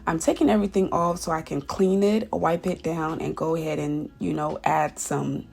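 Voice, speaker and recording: A woman's voice: deep voice, fairly even intonation, moderate pace, vocal fry, breathy edge. A woman chatting casually as she narrates her home decorating, often repeating words for emphasis. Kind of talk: casual voice-over vlog. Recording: soft background music.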